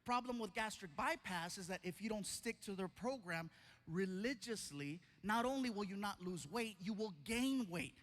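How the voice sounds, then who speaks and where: A man performing stand-up, telling a story in an animated, playful way and acting out voices. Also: sits high, moderate pace. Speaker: stand-up comedian.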